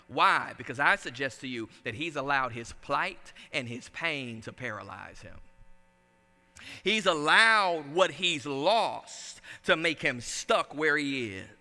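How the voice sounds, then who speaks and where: A man, a pastor preaching a sermon in an animated, conversational storytelling style. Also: a little high. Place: church sanctuary. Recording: echoey church sanctuary.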